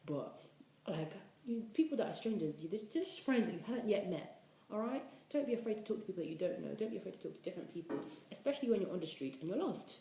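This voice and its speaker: A woman's voice: on the low side, fast. Chatty young woman in an echoey room. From United Kingdom. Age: 20s. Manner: chatty, animated, preachy asides. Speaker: university student vlogger. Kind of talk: casual advice vlog. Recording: echoey room, faint noise.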